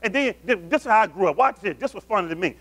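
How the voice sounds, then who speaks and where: Man, pastor, sermon, high voice, call-and-response, loud then hushed. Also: expressive, rapid-fire. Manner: call-and-response preaching, asking the congregation questions; swings between loud emphatic calls and low murmurs.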